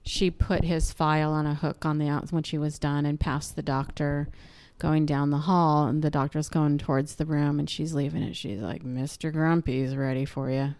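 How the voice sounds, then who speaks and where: A middle-aged woman chatting casually as co-host, telling family stories and acting out the voices in them. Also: normal speed. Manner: animated storyteller, acts out quotes with big pitch jumps. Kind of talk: casual chat.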